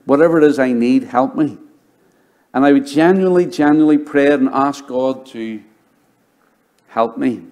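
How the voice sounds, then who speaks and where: A middle-aged man preaching from the pulpit in a warm, mellow voice. He tells his own story with easy storytelling and falls quiet and soft when he quotes people. His pitch sits in the middle range for a man. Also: normal speed, pauses often. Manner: storytelling, drops to a hushed voice for quoted dialogue. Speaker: pastor. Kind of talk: sermon with personal testimony.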